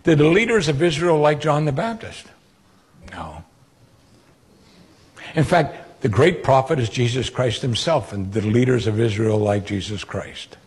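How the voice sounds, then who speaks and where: A man preaching a sermon, retelling Bible stories with animated quoted voices. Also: medium pitch, measured pace, husky.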